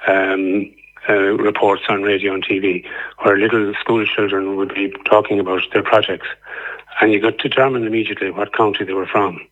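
An Irish man calling in to a radio phone-in and arguing his point earnestly at length, with many pauses and fillers. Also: lowish voice, little pitch movement. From Ireland. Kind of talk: call-in debate. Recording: tinny phone line.

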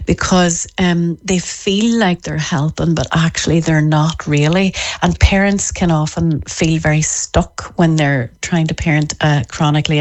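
A woman with a notably low, grounded voice talks through parenting patterns on a podcast. She is animated and often drops into quick impressions of parents speaking. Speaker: parenting author. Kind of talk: podcast interview.

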